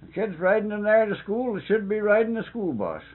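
A man in casual conversation, telling stories in a folksy rural dialect with cusses and lively retelling. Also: high voice, fairly quick. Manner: folksy dialect, swears and laughs, animated retelling. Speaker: storyteller. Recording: muffled phone-like old tape.

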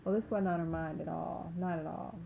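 A woman's voice: fairly low pitch, steady tone, a little fast, gravelly, faint music behind. A woman telling a folksy story in a casual way, often repeating "I said" and "she said.". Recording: tinny phone-like line, faint hiss.

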